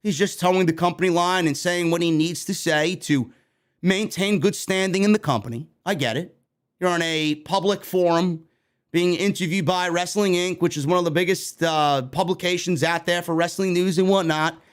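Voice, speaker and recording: A man's voice: high voice, normal speed, smooth. A man from New York hosting a wrestling news show, ranting heatedly with a lot of swearing. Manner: animated, heated, heavy swearing. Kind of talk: profane ranting commentary.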